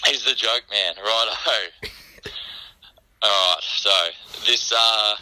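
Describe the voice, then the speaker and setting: Bright-voiced laid-back Australian man. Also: fairly low pitch, slow, rough recording. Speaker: guest joke teller. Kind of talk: casual chat and joke telling.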